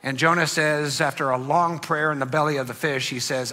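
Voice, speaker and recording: A man preaching a sermon, telling a story dramatically and swinging between loud bursts and hushed lines. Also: a little high, steady tone, brisk. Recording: long hall reverb with faint music.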